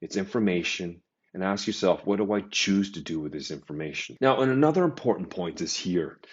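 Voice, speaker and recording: Man giving a pep talk, kinda low voice, punchy and animated, sound's a bit dull and muffled. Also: a little fast. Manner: emphatic, animated delivery with stressed phrases and restarts. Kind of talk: motivational talk to professionals.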